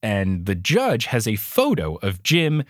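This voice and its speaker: A man's voice: on the low side, huge pitch swings, a little slow, no echo, clean studio sound. A man hosting a podcast, animatedly retelling a children's mystery book with joking asides. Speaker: podcast host. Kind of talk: casual book recap chat.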